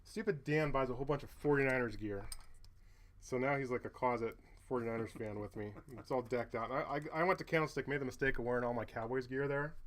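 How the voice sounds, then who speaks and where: A man's voice: mid-range voice, fast, a bit bright. A man hosting a card break, chatting casually and calling out each card between stories. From Southern California. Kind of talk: casual chat while opening cards.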